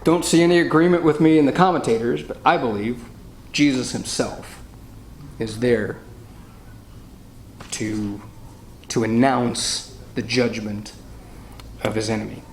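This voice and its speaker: A man's voice: mid-range voice, fairly even intonation, a little slow, pauses often. A man teaching a Bible study in a jovial, anecdotal way, reading and explaining verses. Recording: roomy room echo, faint noise.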